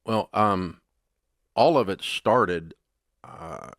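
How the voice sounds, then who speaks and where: Deep man, folksy storyteller, animated, dry close sound, interview guest. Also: drawn-out words, no echo.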